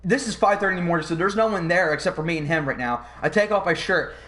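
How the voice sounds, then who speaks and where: A man's voice: high-pitched, fast. Rambling profane young man telling a story. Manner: rambling, profane, animated retelling. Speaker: podcast host. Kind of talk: casual storytelling.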